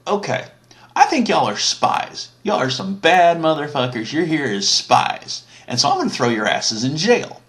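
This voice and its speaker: Guy putting on a higher, cocky, cursing ruler voice, all over the place in pitch. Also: very animated, moderate pace, fairly bright tone. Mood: bossy. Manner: profane, taunting, drawled. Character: brash, vulgar male ruler Joseph, bossy and mocking.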